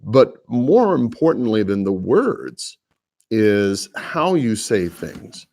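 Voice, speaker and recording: A man with a lower voice, a real estate agent hosting a live prospecting podcast, talking in a casual, folksy, rambling way with restarts. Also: sing-song, slow pace, warm tone. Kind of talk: live phone prospecting session with coaching asides.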